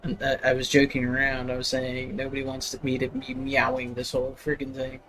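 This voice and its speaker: A man's voice: mid-range voice, completely flat delivery, brisk, fairly bright tone. A young man hosting a live stream, chatting casually with lots of fillers and frequent laughter. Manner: rambling, laughing often, full of fillers. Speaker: livestream host.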